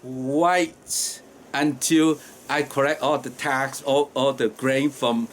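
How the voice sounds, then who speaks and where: A man's voice: medium pitch, fairly even intonation, takes it slowly, pitched below the performer's own voice, lightly acted. A man putting on the voice of a boastful rich official who breezily promises help later, in a spoken parable. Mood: breezy promise.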